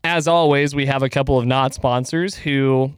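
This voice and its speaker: A man's voice: medium pitch, steady tone, normal speed, smooth. A man co-hosting a casual, jokey podcast, laughing often. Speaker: podcast co-host. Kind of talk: casual comedic podcast banter. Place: gym. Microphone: close mic.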